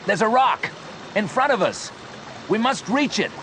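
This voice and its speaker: A man voicing a brave, determined rescuer who shouts commands during a river rescue, read as a storybook character. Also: mid-range voice, very animated, moderate pace, noisy background, pitched above the performer's own voice, natural voice. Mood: urgent.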